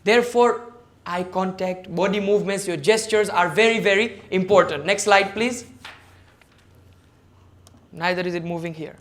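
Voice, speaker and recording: A guest speaker at a service club forum, this man lectures motivationally on public speaking in an online meeting. His high-pitched voice is a bit bright, moving at moderate pace with frequent pauses, as he stresses points one at a time and directly quizzes his listeners.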